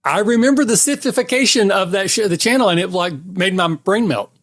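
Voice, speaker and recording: A man talking about his tabletop game on a podcast, with a voice a little higher than most. He chats casually and jokes about his own flaws. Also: a little fast, fairly bright tone. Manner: jokey, self-deprecating. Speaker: game designer guest. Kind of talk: casual chat.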